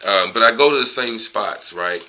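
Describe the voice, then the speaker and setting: A man's voice: on the low side, expressive, normal speed, bright, forceful tone, slight background noise, rough recording. A man casually reading from a book aloud and going off on long profane, rambling tangents.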